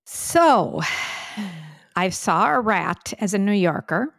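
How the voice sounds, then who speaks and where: A woman co-hosting a casual family podcast, telling stories in a chatty, animated way. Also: mid-range voice, takes it slowly, vocal fry, dry recording, studio quality. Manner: chatty storyteller, animated retelling. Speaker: podcast co-host, mother. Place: New York City.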